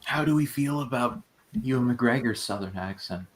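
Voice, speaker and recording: A man's voice: medium pitch, moderate pace, background noise. A man in casual chat at a watch party, teasing and stubborn in his opinions.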